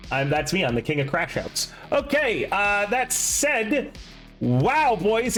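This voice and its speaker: A man's voice: sits high, fairly bright tone. A young man streaming, chatting casually and rambling with self-deprecating asides before running a tabletop game.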